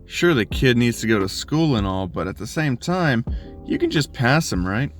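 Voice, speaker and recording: Man doing a brash, self-assured heroine, casual and quick. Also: mid-range voice, expressive, soft background music, natural voice. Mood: cocky. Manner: breezy, pushy. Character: brash, confident female pro hero.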